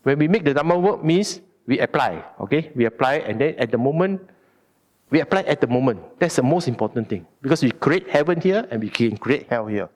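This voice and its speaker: A man with a Malaysian English accent giving a Buddhist Dharma talk in an animated, colloquial and emphatic way. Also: medium pitch, brisk. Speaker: Dharma speaker. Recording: long hall reverb.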